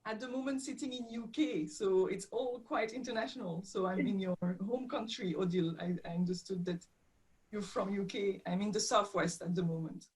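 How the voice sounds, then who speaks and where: A woman speaks with a French accent over a video call, in a middle-range voice. She searches for her words as she goes, filling the gaps with pauses and fillers. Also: mid-range voice, darkish tone, poor audio. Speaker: session participant. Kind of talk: casual group video call.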